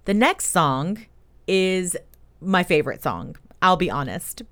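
A woman's voice: lowish voice, very animated, slow. A woman hosting a children's music podcast, telling young listeners about the songs in a storytelling way. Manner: warm storytelling, speaks directly to young listeners. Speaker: host.

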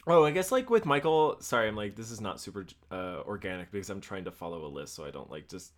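A man's voice: fairly low pitch, lively intonation, fast talker. A man in his thirties, a podcast co-host, talking casually with a lot of rambling, swearing and laughter. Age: 30s. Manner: rambling, profane, laughs often. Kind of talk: casual chat.

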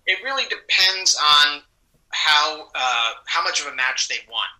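A man's voice: on the high side, expressive, a little slow, pushed and bright, rough recording. A man with a New York accent, an actor telling rambling, self-correcting stories in a casual interview. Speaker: actor guest.

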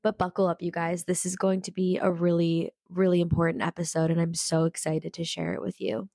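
A woman hosting a casual self-help podcast. She is sick with a cold and talks in an energetic, peppy way close to the mic, with frequent mild slang. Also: on the low side, brisk, creaky, dry recording. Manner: energetic, peppy, says frickin' a lot. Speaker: podcast host. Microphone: studio podcast mic.

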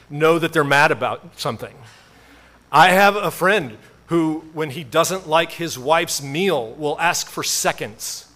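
A male pastor delivers a sermon in a relaxed, conversational way, telling stories and poking fun at himself. His voice sits a little higher than most men's. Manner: conversational storytelling with self-deprecating humor.

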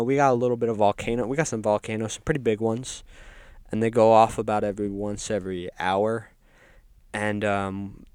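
A man delivering a rambling, deadpan comedic monologue as a resident of hell, full of ums and offhand asides. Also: on the low side, smooth, dry recording, clean studio sound. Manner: rambling, deadpan, filler-heavy with frequent ums. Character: resident of hell describing its games. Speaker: comedic podcast host.

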